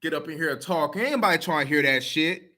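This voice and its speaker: Blunt, profane man with lively pitch. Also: fast talker. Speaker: video commenter. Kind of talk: casual talk to camera.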